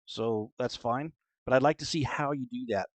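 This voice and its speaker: A man's voice: medium pitch, normal speed, dry recording. A man working as game master, explaining rules with frequent fillers in casual chat on a call. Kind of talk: running a tabletop game online.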